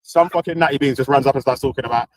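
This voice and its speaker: A man's voice: medium pitch, rapid-fire, no echo, poor audio. A man hosting a casual talk stream, mocking and swearing, often laughing. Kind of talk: heated casual commentary.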